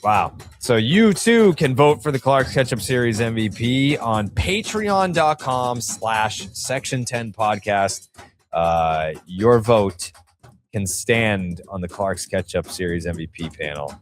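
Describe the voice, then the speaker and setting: A man co-hosting a podcast, speaking low and at an unhurried pace. He reads out results and plugs in a relaxed way. Faint music plays behind him. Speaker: podcast co-host. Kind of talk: reading listener poll results.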